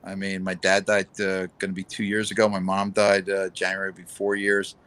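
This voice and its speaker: A man's voice: low-pitched, completely flat delivery, fairly quick, a bit bright. Middle-aged man telling a story. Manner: storytelling, emotional, swears casually. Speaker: host. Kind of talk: casual chat.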